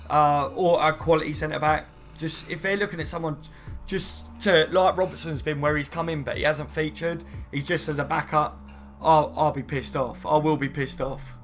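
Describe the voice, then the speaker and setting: A football fan streamer chats loosely on a live stream, rambling, reading viewer comments aloud, and often saying "mate" and "you know what I mean." His voice is on the high side with fairly even intonation and a moderate pace, with soft music in the background.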